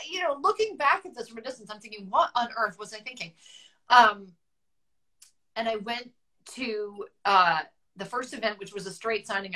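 Bright-voiced woman telling a personal story. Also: medium pitch, poor audio. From United States. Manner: candid, tearful at times, with many fillers. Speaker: guest author.

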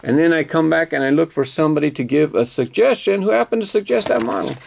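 Man, gravelly, somewhat high voice, chatty unboxing commentary, self-correcting. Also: lively intonation, fast, a little mellow. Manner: chatty, self-correcting, enthusiastic about details. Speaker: toy car collector vlogger.

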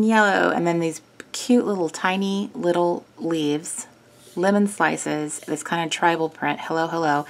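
A woman hosting a craft video, chatting through a kit in a gushing way with small self-corrections. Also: low voice. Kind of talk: casual product walkthrough.

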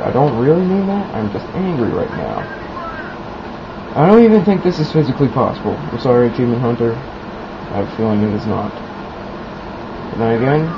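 Young man, lo-fi gameplay commentary. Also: mid-range voice. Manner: mock-serious, then loud and giddy. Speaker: gamer commentating his own play. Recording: lo-fi, noisy home recording.

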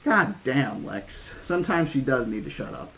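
A man's voice: mid-range voice, sing-song, creaky, a bit bright, a little hiss or hum, rough recording. Man reading a horror-toned novel. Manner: measured reading with casual asides. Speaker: audiobook reader.

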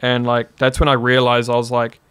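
A man in his twenties with a New Zealand accent, a podcast guest telling a story in a casual, animated way and filling his talk with "like". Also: medium pitch, a little fast, clear, resonant tone. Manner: animated, heavy use of "like" as a filler.

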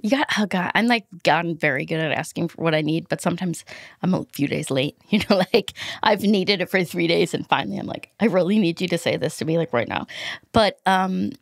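A woman's voice: lowish voice, expressive, a little fast, creaky, no echo, clean studio sound. A woman guesting on a podcast, chatting casually, self-deprecating and laughing often.

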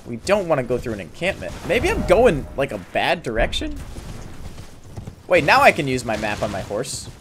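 A young man talking through a game as he plays, excitable and chatty, often yelping in surprise and talking to the characters on screen. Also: moderate pace, a little hiss or hum. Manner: excitable, talks to the game, jumps to high yelps. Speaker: streamer playing a game. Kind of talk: let's play commentary. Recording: game music in the background.

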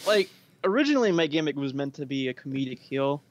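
Relaxed male podcast guest. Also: fairly high pitch, quick pace, dry recording. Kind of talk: casual chat.

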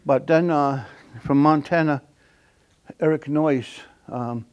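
Older man telling stories, slightly high voice. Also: muffled recording. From Akwesasne Mohawk community. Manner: halting, repetitive delivery with many fillers; chuckles while telling stories. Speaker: elder giving a lecture. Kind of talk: storytelling lecture.

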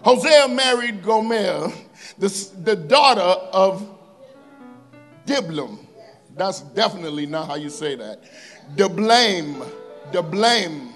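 A male pastor, preaching in church. He reads scripture slowly and with emphasis, and breaks off into joking asides to the congregation. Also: sits high, animated, fairly bright tone, faint music behind. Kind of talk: sermon. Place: church sanctuary.

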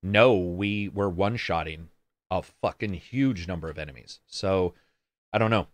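A man's voice: low voice, measured pace, no room sound. A man co-hosting a casual gaming chat show, reading viewer comments aloud and answering in a rambling, sarcastic way with plenty of swearing.

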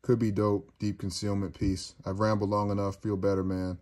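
A deep-voiced man hosting a loose, casual chat and reading out comments from his viewers. His talk is crude and joking, and it rambles from one thing to the next. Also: flat delivery, normal speed, a little mellow.

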